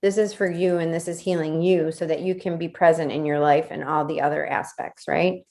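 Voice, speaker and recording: A woman's voice: deep voice, steady tone, brisk, warm tone. A woman leading a casual workshop, talking conversationally, repeating words and checking in with "right?". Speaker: workshop leader.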